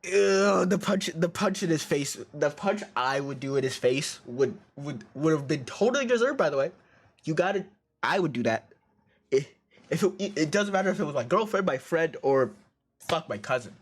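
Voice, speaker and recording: Husky streamer swearing in loud outbursts. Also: male voice, on the high side, animated, moderate pace. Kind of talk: reacting while reading a story game aloud.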